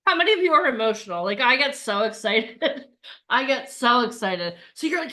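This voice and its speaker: A woman's voice: on the high side, very animated, normal speed, pushed and bright. A woman coaching an online bootcamp, talking in an upbeat, chatty way and acting out the voices of people's inner thoughts. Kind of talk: live online workshop talk.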